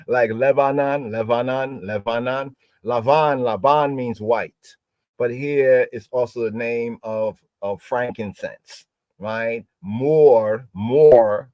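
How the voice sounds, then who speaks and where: A man with a low voice teaches a scripture word study at a very slow pace, repeating each word and sounding it out syllable by syllable. The sound is dry and close, with a slightly dull lo-fi tone. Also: darkish tone, dry recording. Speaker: religious teacher. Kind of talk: Hebrew word study for a podcast.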